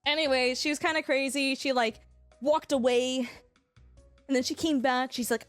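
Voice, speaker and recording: A young woman, livestreaming and telling a story casually, animated and laughing often. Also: high-pitched, normal speed, no echo, faint music behind. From Canada.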